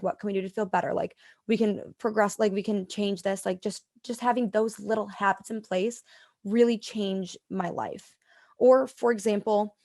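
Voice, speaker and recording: A woman's voice: mid-range voice, a little mellow. A young woman in her twenties, a podcast guest, chatting casually and filling her talk with "like". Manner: chatty, lots of "like", talks to herself in quotes. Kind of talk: casual interview chat.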